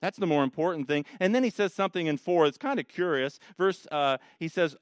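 A man preaching a sermon, emphatic, swinging between quiet, low passages and loud, rising ones. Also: smooth, no echo. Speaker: pastor.

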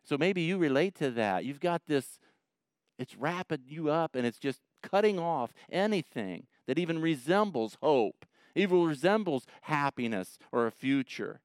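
A man preaches a sermon in a smooth, resonant voice. He pitches fairly high, and his delivery moves between quiet earnest passages and animated stories. The sound is dry and close. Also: moderate pace, no echo. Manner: animated storytelling, acts out voices and shouts, laughs at own jokes. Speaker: pastor.

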